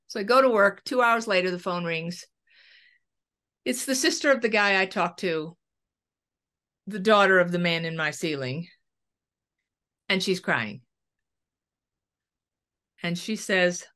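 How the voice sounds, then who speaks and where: A middle-aged woman guest recounting a personal story with real animation, slipping into the voices of the people in it. Her pitch sits in an ordinary middle range, and her telling moves along with conversational momentum. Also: unhurried, long pauses. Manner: lively storyteller acting out dialogue. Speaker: medium and cancer researcher, interview guest.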